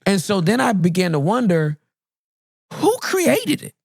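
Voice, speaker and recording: A man with a gravelly edge to his voice tells a comic story as a podcast guest. His pitch leaps all over the place and climbs high for the punchlines, and his self-mocking manner keeps it playful. The recording is dry and close. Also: huge pitch swings, a little slow, dry recording.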